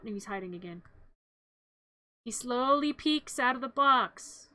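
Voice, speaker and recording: Playful woman with a bright voice. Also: a little high, lively intonation, unhurried, no room sound. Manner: rambling, playful, self-interrupting. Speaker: streamer. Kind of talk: comedic movie recap narration.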